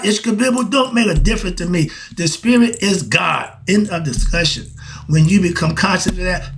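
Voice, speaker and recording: An older man giving a preachy spiritual monologue to his viewers, firing rhetorical questions and swinging between loud exasperation and quiet asides. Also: on the high side. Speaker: self-styled spiritual teacher.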